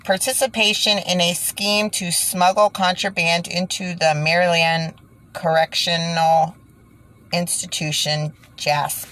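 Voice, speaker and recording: A woman's voice: lowish voice, level tone, takes it slowly, fairly bright tone. A woman giving indignant commentary, repeating points for emphasis, then reading a news report aloud and stumbling over words. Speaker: video creator reading news. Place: indoors by fading daylight.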